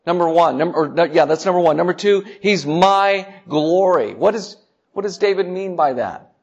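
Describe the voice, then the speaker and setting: Man, sermon, fairly high voice, gravelly, dull muffled recording. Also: normal speed. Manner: earnest, repeats words, drops to soft tones for emphasis. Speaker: preacher. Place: church sanctuary.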